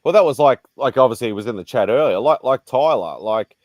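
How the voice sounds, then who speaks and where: A man's voice: medium pitch, animated, fast talker, no echo. An Australian man chatting casually on a livestream, laid-back and swearing now and then. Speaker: livestream co-host. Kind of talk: casual chat.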